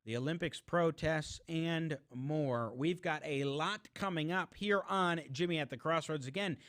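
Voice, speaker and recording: Man, podcast host, upbeat, fast announcer delivery, slightly raised pitch. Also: a bit bright. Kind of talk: show intro, scripted.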